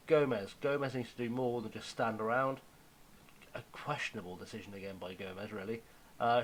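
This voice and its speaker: A man's voice: medium pitch, rough recording. Chatty man commentating his football game. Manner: chatty, self-mocking, drops to a hushed aside. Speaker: gaming YouTuber.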